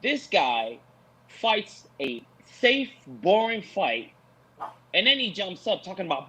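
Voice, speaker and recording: A man talking in an animated post-fight show discussion, preachy and emphatic, repeating his points for effect. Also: high-pitched, takes it slowly, slight background noise, low-quality recording. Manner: preachy, emphatic, repeats lines for effect, mocks with put-on voices.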